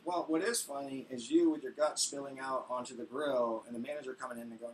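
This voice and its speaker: A man's voice: medium pitch, lively intonation, fast, gravelly, few pauses, distant mic, low-quality recording. A man doing stand-up, telling a profane, ranting story and acting out phone calls. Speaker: stand-up comedian.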